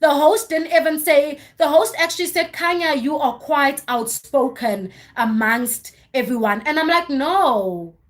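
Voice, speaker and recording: A woman hosting a livestream, recapping a reality show in casual chat with animated, exasperated storytelling. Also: high-pitched, normal speed, hardly any pauses. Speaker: livestream host.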